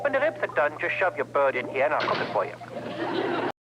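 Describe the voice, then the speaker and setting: A man's voice: on the high side, big pitch swings, normal speed, muffled recording. An actor playing a wisecracking male ship computer with a German accent, cocky and teasing, in a 1970s TV comedy.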